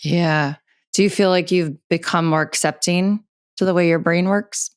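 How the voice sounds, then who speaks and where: A woman's voice: lowish voice, fairly even intonation, normal speed, clear, resonant tone, no echo, studio quality. A woman hosting a podcast interview, casual and supportive, often agreeing with her guest. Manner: supportive, frequent yeahs and mm-hmms. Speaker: podcast host.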